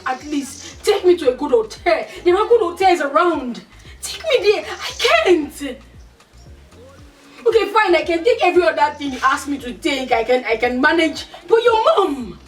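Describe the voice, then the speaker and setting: A woman playing an American wife who pleads with her husband in a whiny, complaining way. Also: high voice. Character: American wife fed up with in-laws. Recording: echoey room from far off with music.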